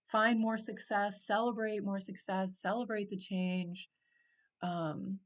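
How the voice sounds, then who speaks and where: A middle-aged woman wellness coach in a heartfelt, rambling monologue full of fillers, emotional at times. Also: mid-range voice. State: emotional, near tears at times. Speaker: wellness coach and channel host. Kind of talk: casual reflective monologue.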